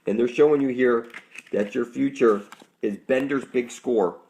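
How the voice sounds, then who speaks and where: A man's voice: medium pitch, measured pace, gravelly, darkish tone. A man giving a rambling, intense, preachy monologue to his viewers, swearing often and calling them "people". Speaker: online conspiracy speaker.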